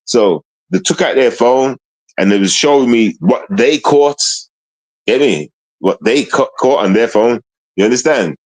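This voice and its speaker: A man's voice: mid-range voice, expressive, measured pace, no room sound, low-quality recording. A man livestreaming in a rambling, casual way, full of street slang and constant tag questions. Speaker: streamer. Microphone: streaming mic.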